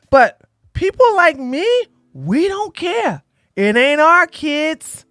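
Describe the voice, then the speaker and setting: A woman doing blunt, sassy reaction commentary, ranting loudly and laughing between clips. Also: very high-pitched, no room sound, studio quality. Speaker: commentary streamer.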